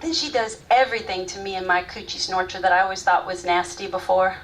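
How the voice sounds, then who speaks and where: An actress performing a live stage monologue as a grown woman candidly recalling her first love, sometimes soft, sometimes loud. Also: mid-range voice, steady tone, fairly quick, natural voice. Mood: frank recalling. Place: theater stage, live audience. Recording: distant stage mic, faint room noise.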